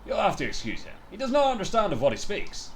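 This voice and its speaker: A man's voice: sits high, wildly swooping pitch, fast, a little hiss or hum, full character voice. A man voicing a vain, grandiose male tenor with a self-important manner in a game. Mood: pompous. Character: pompous vain male tenor, ringmaster's rival.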